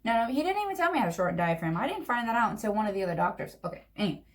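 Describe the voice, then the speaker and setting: A young woman telling a long personal story in a chatty, animated way while doing her makeup. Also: medium pitch, very fast. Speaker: vlogger. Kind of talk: get-ready-with-me storytime.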